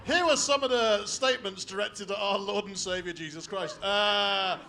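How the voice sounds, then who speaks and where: A man's voice: high-pitched, moderate pace. A man hosting a comedy night, chatty and stumbling over his words as he laughs. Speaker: show host. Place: live comedy venue with audience. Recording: noisy live room with loud crowd.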